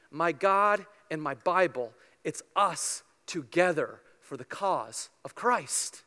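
A man preaching a sermon to his congregation, earnest and emphatic, with playful asides, swinging between loud stressed lines and quiet ones. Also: high voice, in a large hall. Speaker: pastor. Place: church sanctuary with congregation.

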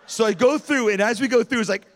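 A man's voice: extremely high pitch, quick pace. A middle-aged male pastor telling a story in a sermon, acting out the voices of the people in it with big swings of energy. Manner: animated storyteller acting out quotes.

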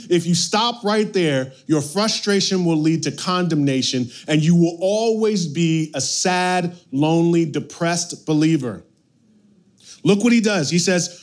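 A man preaching a sermon as pastor, animated, swinging from loud bursts to hushed lines. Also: fairly high pitch, a little slow.

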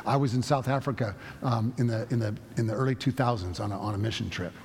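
A man's voice: mid-range voice, fast, a little mellow, husky. A man preaching a sermon, telling stories in a conversational way with frequent restarts. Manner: storytelling, conversational with many restarts. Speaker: pastor. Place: church sanctuary. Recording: long reverb of a church sanctuary.

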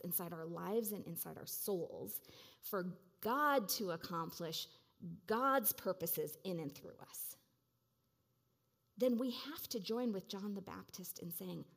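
A woman delivers a sermon in a relaxed, conversational tone. Her voice sits in an ordinary middle register, and she speaks reflectively, often using casual fillers as she thinks aloud. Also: mid-range voice, creaky, slightly rough. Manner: conversational, reflective, many "like" and "you know" fillers. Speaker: preacher.

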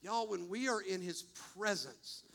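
A man preaching a sermon as pastor, impassioned and emphatic, swinging between quick bursts and slow, stressed words. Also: high voice, lively intonation, gravelly, fairly bright tone. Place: church, streamed online.

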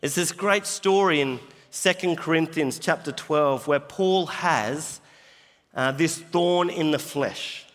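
Pastor with a high voice in a hall. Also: male voice, takes it slowly, fairly bright tone. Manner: conversational, laughs easily, loses his notes. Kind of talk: sermon.

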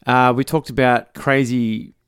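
A man's voice: medium pitch, little pitch movement, a little slow, fairly bright tone, clear, resonant tone, no echo, studio quality. A middle-aged Australian man co-hosting a casual podcast, joking and reading out listener messages. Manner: jokey, reads out listener messages. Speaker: podcast co-host. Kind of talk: casual chat.

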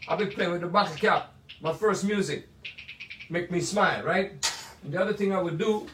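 A man's voice: sits high, fairly bright tone, a little hiss or hum. A man in his eighties from Jamaica with a Jamaican accent, telling playful, chatty stories about his life in music from his home music room. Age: 80s. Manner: chatty, playful, drawn-out asides. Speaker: musician sharing memories. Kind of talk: casual storytelling monologue. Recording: echoey room, mic at a distance.

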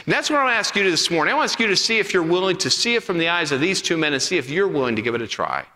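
A man preaching a sermon as pastor, telling a Bible story with acted-out voices and dropping to hushed appeals. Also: sits high, rapid-fire, hardly any pauses. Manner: animated storytelling, acting out voices, then hushed and intimate. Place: church sanctuary. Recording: long reverb of a hall.

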